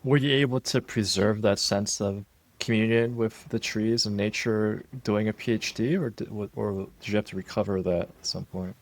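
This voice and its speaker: Middle-aged guy cohost, kinda halting questions, lowish voice. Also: no room sound. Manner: relaxed, slightly halting questions. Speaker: podcast co-host. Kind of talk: casual interview conversation.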